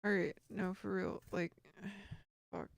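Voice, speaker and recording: A woman's voice: mid-range voice, little pitch movement, slow pace, gravelly, no room sound, studio quality. A woman streaming while she works, rambling in a casual monologue and often muttering or whispering to herself.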